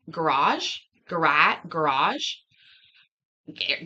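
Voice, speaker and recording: A woman's voice: fairly low pitch, sing-song, moderate pace, sharp tone, lo-fi sound. A woman with a Canadian accent hosting a casual livestream chat, laughing and playfully arguing with viewers about how words are said. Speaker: livestream host.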